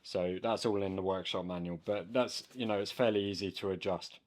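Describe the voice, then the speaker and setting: A man's voice: sits low, fairly even intonation, fairly quick, a little mellow. Man talking through a workshop job. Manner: explains step by step while working, with frequent ums. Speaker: DIY boat engine tutorial maker. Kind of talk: hands-on workshop how-to narration.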